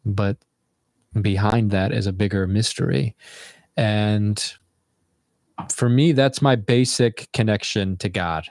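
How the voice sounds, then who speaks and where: A man's voice: lowish voice, slow, long pauses, a little mellow, no room sound, clean studio sound. A man hosting a livestream, chatting casually in a loose, rambling, reflective way. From United States. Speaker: livestream host.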